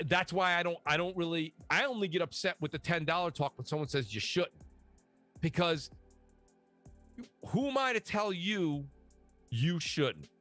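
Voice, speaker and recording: A man chatting casually about video games, animated and slangy, telling stories with lots of asides. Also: fairly high pitch. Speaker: podcast guest. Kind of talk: casual gaming chat.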